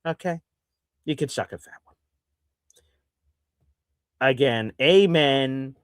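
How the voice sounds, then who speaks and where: A man's voice: medium pitch, slow, pauses often, clean tone, no room sound, studio quality. A man hosting a live sports reaction show, ranting and sarcastic toward his audience. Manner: ranting and sarcastic, mocking fans in put-on voices.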